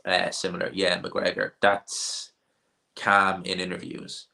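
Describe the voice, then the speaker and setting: A man's voice: sits low, monotone, slow, creaky, bright, forceful tone. A man with a North Dublin accent hosting a casual livestream, answering viewer questions with blunt, offhand opinions and frequent restarts. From Ireland. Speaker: livestream host.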